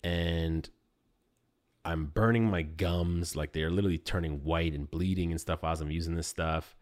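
Low-voiced man telling a wry story. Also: normal speed, dry recording, studio quality. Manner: animated, wry and self-deprecating. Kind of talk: casual storytelling monologue.

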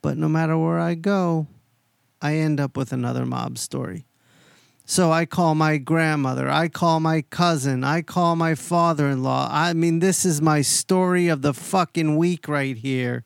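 Man, podcast host, casual storytelling, gravelly but resonant, dry close sound. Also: a little high, a little slow, no room sound. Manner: profane, animated, fills the story with quoted voices.

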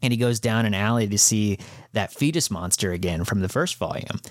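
A man with a fairly low voice talks through a manga chapter in a loose, rambling podcast chat. He leans on fillers and swears casually. The sound is dry and close, with no room around it. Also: animated, fairly quick, no echo. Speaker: podcast co-host.

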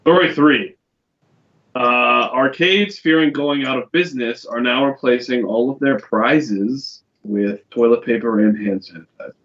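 Male podcast host, medium pitch, reads headlines casually with uhs and ums; dull, lo-fi recording. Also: unhurried. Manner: relaxed, hesitant reading with fillers. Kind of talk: reading news stories aloud in a casual chat.

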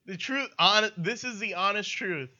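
A young man with a strikingly bright, somewhat high voice tells a story to his friends. He laughs through the telling, then lands each punchline deadpan. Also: normal speed, highs cut off. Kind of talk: casual storytelling chat.

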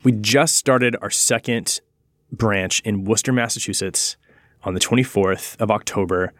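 This is a man with a lowish voice, speaking as a pastor on a podcast. He tells a personal story earnestly and reflectively, stretching out the words that matter. The sound is close and dry, with no room around it. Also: moderate pace, fairly bright tone, dry recording.

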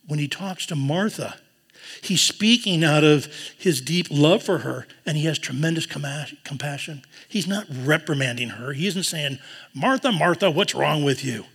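A man preaching a sermon, earnest, dropping to a hushed voice when he quotes tender words. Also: a little high, moderate pace, husky. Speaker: pastor. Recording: long hall reverb.

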